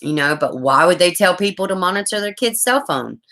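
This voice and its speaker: A woman, chatting on a true crime livestream from home, rambling, excitable and swearing often. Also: lowish voice, fairly quick, rough recording. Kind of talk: casual livestream chat.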